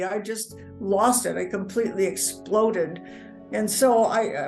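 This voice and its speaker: A woman telling her personal life story in earnest, halting speech, often repeating words as she goes. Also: mid-range voice, a little mellow, poor audio. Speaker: near-death experience storyteller. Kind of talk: personal testimony.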